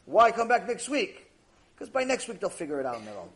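A man teaching a lecture, telling a story in an animated way and acting out the characters' lines. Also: high-pitched, fairly quick, low-quality recording. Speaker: Torah teacher.

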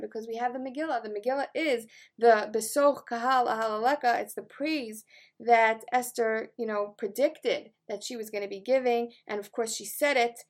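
A woman teacher and life coach giving a Torah lesson on a psalm, earnest and conversational, with casual fillers. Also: fairly high pitch.

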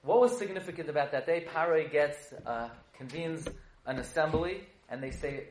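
A rabbi with a high voice tells a lively Torah lesson, mixing jokes and stories and firing questions at his class. He sounds like he is in a roomy, echoing space. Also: moderate pace, slight background noise. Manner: joking, storytelling, quizzes the audience. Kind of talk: humorous Torah lecture. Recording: echoey room.

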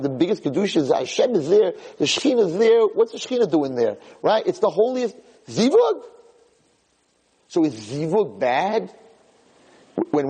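A man, a rabbi, giving a lecture as an animated storyteller who acts out voices. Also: on the high side, husky.

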